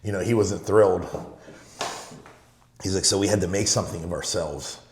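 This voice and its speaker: A man's voice: deep voice, steady tone, moderate pace, echoey room, a little hiss or hum. A middle-aged man from Los Angeles, telling stories in a casual, rambling way and often saying "you know". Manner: rambling, fills with "you know", retells his father's sayings. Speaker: guest. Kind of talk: casual storytelling.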